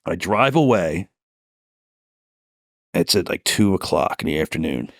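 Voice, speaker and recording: A man's voice: low-pitched, animated, measured pace, no echo, studio quality. A man, a police detective, telling stories from the job in a podcast interview, swearing freely and acting out heated phone calls.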